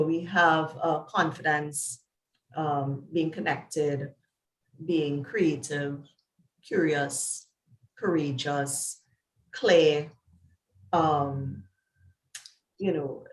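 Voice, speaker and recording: A Trinidadian woman, a psychologist, talks in an interview as an animated storyteller, laughing and jumping up and down in pitch. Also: echoey room, poor audio. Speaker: psychologist guest. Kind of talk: conversational interview.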